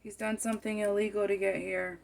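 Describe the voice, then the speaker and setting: A woman's voice: medium pitch, flat delivery, a little fast, creaky, darkish tone. A woman giving a tarot card reading, musing aloud and often repeating and rephrasing her phrases as she goes.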